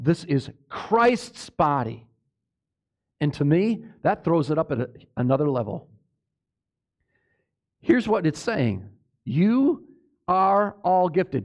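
High-voiced preacher calling for amens. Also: male voice, a little mellow. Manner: emphatic, asks the congregation for amens. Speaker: pastor. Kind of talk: sermon.

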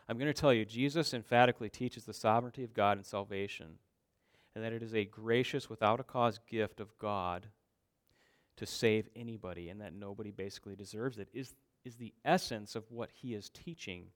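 A man's voice: on the low side, fairly quick. Emphatic male preacher. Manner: emphatic, repeats phrases for stress. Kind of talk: sermon.

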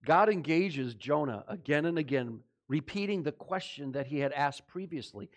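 Male pastor, high pitch, conversational sermon delivery. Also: expressive, normal speed. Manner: conversational preaching, asks the congregation questions; dramatizes voices of God and Jonah in quotes.

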